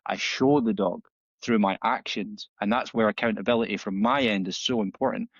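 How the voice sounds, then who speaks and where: Man, lowish voice, podcast guest, animated storyteller, dull dry audio. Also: moderate pace, dry recording. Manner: animated storytelling, acts out dialogue with frequent restarts. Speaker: balanced dog trainer, podcast guest. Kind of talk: casual podcast conversation.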